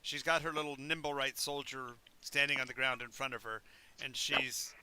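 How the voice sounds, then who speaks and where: Male game master, bright and forward tone, chatty, stammering. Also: medium pitch, steady tone, normal speed, clean tone. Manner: rambling, stammering asides. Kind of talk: narrating a tabletop game.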